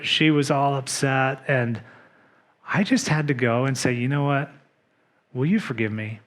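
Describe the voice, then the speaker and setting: A man preaching a sermon as pastor, measured and earnest, dropping to soft emphasis on key points. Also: medium pitch. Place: church.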